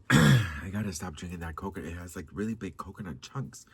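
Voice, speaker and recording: A man telling dating stories to his viewers in a casual, sassy, dramatic way, swearing and changing his pitch often. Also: animated, normal speed, creaky, husky, dry recording. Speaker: vlogger. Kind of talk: casual storytime chat.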